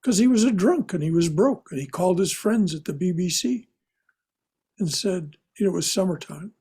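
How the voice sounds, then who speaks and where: A man leading an online spiritual class, telling stories and reading poetry slowly with emphasis. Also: high-pitched, expressive, warm tone, slightly rough. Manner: storytelling, emphatic, slow on poetry. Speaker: class leader.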